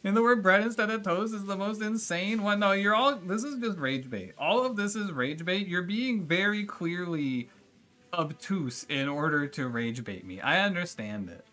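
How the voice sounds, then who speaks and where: A game streamer with a voice that sits high speaks at a moderate pace, his tone sharp and intonation lively. Exasperated and swearing, he rants and talks back to his chat in casual livestream conversation.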